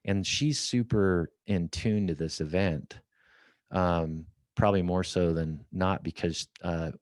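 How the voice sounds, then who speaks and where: A man's voice: low-pitched, takes it slowly, dry recording. A middle-aged man, a podcast guest, telling a story and acting out the dialogue from it. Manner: lively storyteller, acts out quoted dialogue. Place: office at company headquarters.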